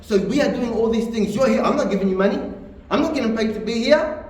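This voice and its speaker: A man's voice: very high-pitched, fast, a little mellow. A man giving an earnest sermon in a mosque, often repeating phrases for emphasis. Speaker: preacher. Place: mosque hall. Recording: echoey hall, distant mic, faint noise.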